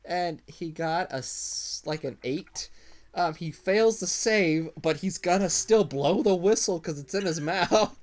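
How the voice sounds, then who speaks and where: A man's voice: high voice, unhurried. A man narrating a tabletop game as game master, rambling casually with restarts. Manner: rambling, many ums and restarts.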